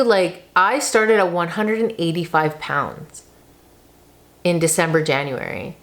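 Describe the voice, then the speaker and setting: A woman in her thirties talking casually to the camera in a vlog, chatty and emotional, often saying "like". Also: medium pitch. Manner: chatty, emotional, uses lots of "like". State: tearful, on the verge of crying. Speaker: vlogger.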